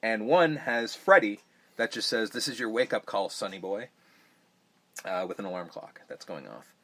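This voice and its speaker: A man hosting a podcast, chatting casually about a film in a rambling, profane way that gets animated when he mocks scenes. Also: on the low side, moderate pace. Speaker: podcast host. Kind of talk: casual movie review chat.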